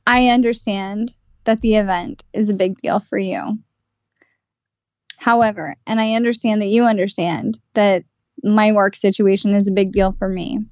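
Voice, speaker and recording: A woman's voice: medium pitch, fairly even intonation, unhurried, long pauses, darkish tone, dry recording, dull audio. A woman podcast co-host in candid casual chat, speaking thoughtfully with hesitations and fillers.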